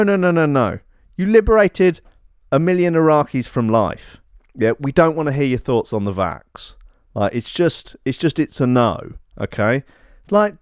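A man's voice: medium pitch, clear, resonant tone, no room sound, clean studio sound. A man hosting a podcast, ranting sarcastically and swearing freely. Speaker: podcast host. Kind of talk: ranting comedy podcast monologue.

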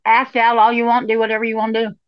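A woman's voice: a little high, completely flat delivery, quick pace, clear, resonant tone, dry recording. A woman co-hosting a podcast in casual chat, folksy and swearing casually. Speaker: podcast co-host. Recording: slightly dull lo-fi sound.

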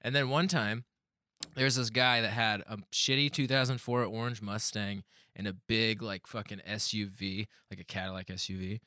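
Bright-voiced man swearing through casual stories. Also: lowish voice, steady tone, moderate pace, no room sound, clean studio sound. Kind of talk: casual podcast chat.

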